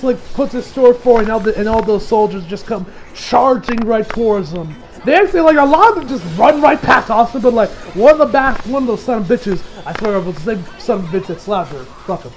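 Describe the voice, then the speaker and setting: A man reviewing an anime episode in a casual recap, excitable, swearing freely and laughing often. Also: sits high, a little hiss or hum, low-quality recording.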